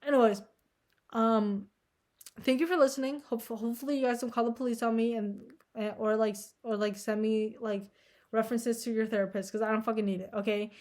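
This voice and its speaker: Young adult woman, slightly high voice, casual anxious vlog ramble, heavy filler and profanity. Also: steady tone, fairly quick, darkish tone. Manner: anxious, self-deprecating. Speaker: vlogger.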